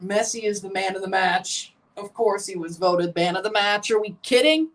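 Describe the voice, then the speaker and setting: At normal speed, in a voice that sits high and a bit bright, a streamer reacts to a football match in real time. Chatty and calling out the action, he answers viewers and grows nervous toward the finish.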